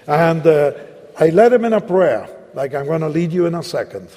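A man preaching with a Latin American accent, telling a personal story and then slowly leading the listeners in prayer, acting out both sides of the dialogue. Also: a little high, expressive, warm tone. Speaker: evangelist preacher. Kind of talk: sermon with personal story and altar-call prayer. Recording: long hall reverb.

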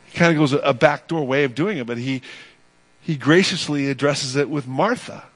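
A man's voice: medium pitch, moderate pace. Man preaching an emphatic sermon. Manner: emphatic, rising and falling delivery with repeated phrases. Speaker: pastor.

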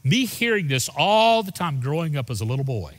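Older pastor in a reverberant church. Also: male voice, very animated, a little fast, fairly bright tone. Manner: heartfelt, emotional storytelling with sudden rises and drops in pitch. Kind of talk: sermon with personal storytelling. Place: church sanctuary. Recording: long hall reverb in a church.

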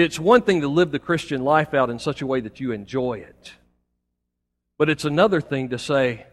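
A man's voice: mid-range voice, fairly bright tone. A man preaching a Sunday sermon as pastor, building to emphatic points between folksy asides to the congregation. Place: church sanctuary. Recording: long hall reverb.

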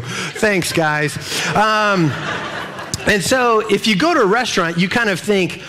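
A man's voice: sits high, slow pace, a little hiss or hum. A man in his thirties preaching a sermon at a church service, joking and acting out little voices. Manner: animated, jokey, acts out little voices. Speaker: pastor. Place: church service with a live audience.

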